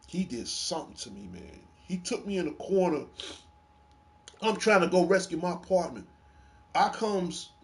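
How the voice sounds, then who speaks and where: Man, casual gaming chat, high voice, very lively pitch, laughing storyteller, swears a lot. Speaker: gaming show host.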